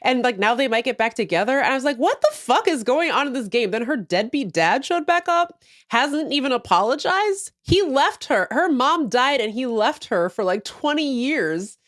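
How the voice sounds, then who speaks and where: A woman's voice: sits high, normal speed, few pauses, no echo, clean studio sound. A woman co-hosting a podcast livestream, chatting casually and ranting with mock outrage and plenty of swearing. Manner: animated, profane, mock-outraged storytelling. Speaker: podcast co-host.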